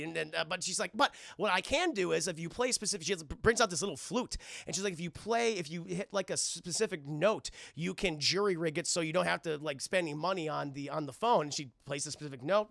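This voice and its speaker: A man reviewing a cartoon episode live for his stream chat, acting out the characters' lines in quick voices and swearing freely. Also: on the high side, vocal fry, fairly bright tone, no echo, clean studio sound. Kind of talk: animated live-stream recap.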